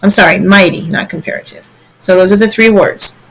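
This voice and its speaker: A woman's voice: medium pitch, brisk, fairly bright tone, rough recording. A woman teacher walking students through slides in a recorded online lesson, patient and step by step, often checking in with "okay?".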